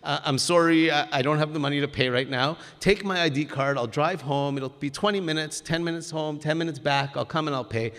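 A flustered late-night driver, played by a male teacher, caught between exasperation and apology. The voice sits a little higher than plain speech and carries a long hall reverb. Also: a little fast, few pauses, a bit bright. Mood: apologetic. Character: young adult male driver, tired, flustered.

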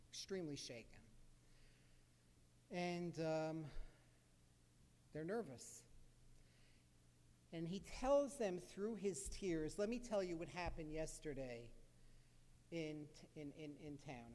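A man's voice: fairly high pitch, a little mellow. A man, a psychologist, telling a story in an earnest, repetitive lecture, with many fillers. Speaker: psychologist giving a talk. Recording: echoey hall.

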